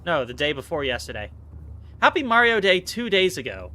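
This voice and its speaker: Guy streaming a game, kinda high bright voice, goofy fake-angry rants. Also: very animated, brisk. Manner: playful, theatrical mock-rage rants. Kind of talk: casual live-stream commentary while playing.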